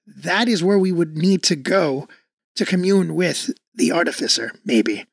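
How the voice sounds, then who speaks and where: A woman's voice: on the low side, unhurried, creaky, husky, dry recording, clean studio sound. A woman playing a tabletop game, earnest and giggly as she plays her character. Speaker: player. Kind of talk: casual tabletop role-play.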